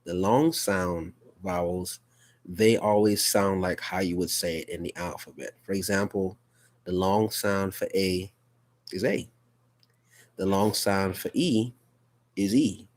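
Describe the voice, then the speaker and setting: A man's voice: low voice, fairly even intonation, unhurried. A man teaching a casual live phonics lesson, patient and repetitive, often checking in with "okay?".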